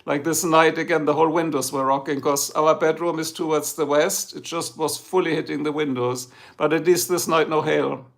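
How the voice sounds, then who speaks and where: A man's voice: a little high, fairly even intonation, moderate pace, creaky, hardly any pauses. A middle-aged man from Germany whose first language is German, speaking English with a German accent as he hosts a rambling, casual livestream chat. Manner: rambling, talks straight to the chat. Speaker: livestream host.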